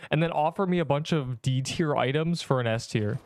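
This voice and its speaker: A man with a smooth, resonant voice at an everyday pitch, streaming a game and bantering with chat. He rambles and sounds exasperated, heavy on slang. The sound is dry and close. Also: expressive, a little fast, dry recording. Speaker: gaming streamer. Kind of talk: casual livestream chatter while playing.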